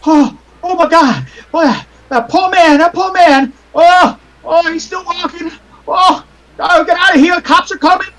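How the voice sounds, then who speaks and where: Bir adamın oynadığı korkmuş, yüksek perdeden feryat eden bir yabancı. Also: male voice, very high-pitched, unhurried, a bit bright, pitched above the performer's own voice, poor audio. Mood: panicked. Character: frightened man panicking in a crowd.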